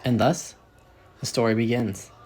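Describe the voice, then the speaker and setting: A man's voice: medium pitch, a little slow. A man casually narrating a fan story, rambling and correcting himself as he goes. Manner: rambling, self-correcting, animated.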